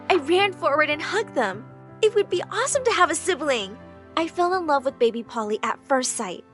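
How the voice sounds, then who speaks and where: A woman narrating an animated drama story in an expressive, dramatic way. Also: high voice, moderate pace. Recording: faint background music.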